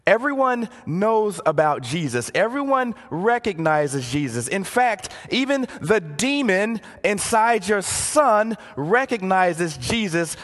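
A man preaching a sermon as a pastor, dramatic in delivery, dropping to hushed phrases to stress a point. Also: high voice, big pitch swings, takes it slowly, few pauses, big-room sound. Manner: dramatic, drops to near-hushed phrases for emphasis. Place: church sanctuary.

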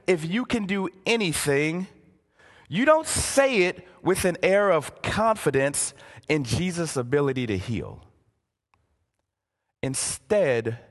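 High, animated preacher in a big hall. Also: male voice. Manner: dramatic, drops to near-hushed phrases for emphasis. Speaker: pastor. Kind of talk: sermon. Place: church sanctuary.

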